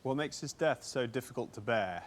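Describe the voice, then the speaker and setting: An actor plays a young nobleman speaking at a funeral in a period drama. He is formal and measured, with a voice of middling pitch. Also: expressive, slight background noise, natural voice. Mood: solemn. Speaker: brother giving a eulogy.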